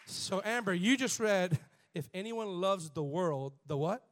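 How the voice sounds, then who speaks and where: High, bright-voiced man preaching a sermon. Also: unhurried, slight background noise. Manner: animated, builds to shouting, leads call-and-response with the congregation. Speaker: pastor. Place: church before a live congregation.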